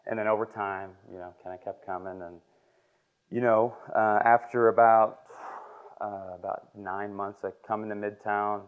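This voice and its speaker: A man in his twenties giving a halting, emotional personal testimony as a lay preacher in a church classroom. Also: on the low side, flat delivery, clear, resonant tone. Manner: halting, emotional, filler-heavy. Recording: muffled lo-fi recording.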